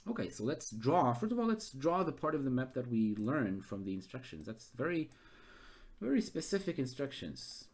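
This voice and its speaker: A man runs a gamebook live, thinking out loud as he maps the route. His voice swings widely in pitch around a middle register, and he gets excitable. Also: normal speed. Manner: thinks aloud, excitable and animated. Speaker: game master. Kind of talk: live-streamed gamebook narration.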